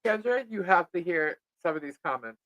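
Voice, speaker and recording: A middle-aged woman co-hosting a live podcast, chatting casually and telling an animated story in which she acts out what people said. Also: lowish voice, brisk, no room sound, rough recording. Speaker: podcast co-host.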